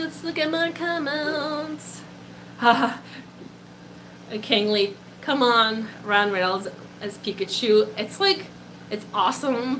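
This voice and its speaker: Streaming live with her pet, a young woman from Poland, who grew up speaking Polish, chats and giggles her way through viewer comments, now and then switching to baby talk for the animal. Her fairly bright voice sits a little high, heard over slight background noise in a rough recording.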